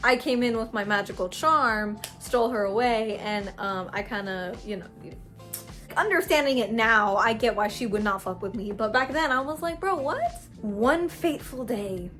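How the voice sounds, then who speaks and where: A young adult woman telling a story-time vlog in a slangy, animated way, with big swings in loudness. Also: on the high side, normal speed, soft background music. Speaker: vlogger.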